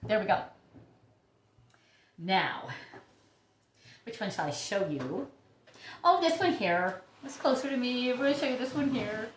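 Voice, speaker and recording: A woman's voice: on the high side, fairly bright tone. Gushing woman in an echoey room. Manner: gushing, chatty, breathy exclamations. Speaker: orchid YouTuber. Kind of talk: casual show-and-tell vlog.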